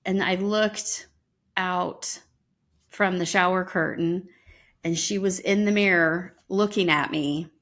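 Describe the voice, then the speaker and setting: A woman podcast co-host telling a personal story in casual chat, lively and full of ums. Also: fairly low pitch, slow pace. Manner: lively retelling with frequent ums.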